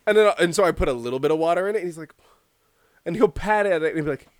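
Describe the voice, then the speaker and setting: A young man tells comic stories in casual podcast chat, swearing freely and jumping into voices. His pitch sits a touch high and swings all over the place. The sound is close and dry. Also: lively intonation, racing, clean tone, no room sound.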